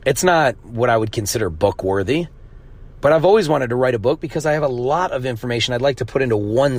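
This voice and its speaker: A man's voice: medium pitch, a little mellow. A man hosting a solo podcast, talking in a blunt, profane, ranting way. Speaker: podcast host. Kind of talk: casual monologue.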